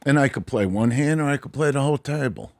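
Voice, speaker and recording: A man as a podcast guest, telling a story casually and animatedly, often trailing off into low mutters. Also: animated, quick pace, creaky.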